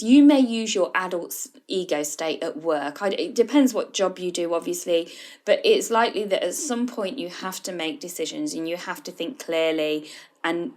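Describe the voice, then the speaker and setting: A woman's voice: lowish voice, darkish tone. A woman hosting a solo podcast, explaining in a conversational way and addressing the listener directly. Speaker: podcast host, food coach.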